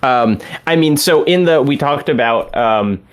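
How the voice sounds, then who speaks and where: A man co-hosting a casual game discussion podcast, rambling and animated, often slipping into character quotes. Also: mid-range voice, a little slow, clear, resonant tone. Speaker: podcast co-host.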